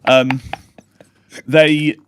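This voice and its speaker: A man's voice: medium pitch, little pitch movement, very slow. A man hosting a casual football podcast, swearing, laughing easily and losing his train of thought. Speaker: podcast host.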